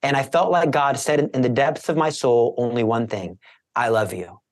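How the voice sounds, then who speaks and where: A man's voice: mid-range voice, moderate pace. Man giving an earnest emotional testimony. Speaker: guest, Catholic evangelist. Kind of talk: personal conversion testimony.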